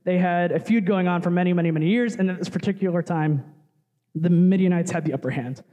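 A man's voice: sits high, quick pace, warm tone, long reverb tail. A young man, a worship leader, giving a casual, chatty sermon full of asides and fillers.

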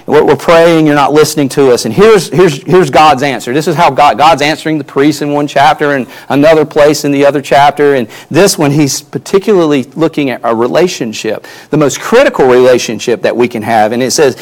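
A man's voice: on the high side, expressive, normal speed. A male pastor preaching a sermon earnestly, his emphasis rising and falling, often repeating words as he builds a point.

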